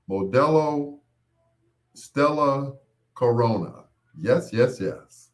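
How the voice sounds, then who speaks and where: A man hosting his own show, telling rambling casual stories with laughs and quick mimicked voices of others. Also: medium pitch. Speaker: podcast host. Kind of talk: casual storytelling monologue.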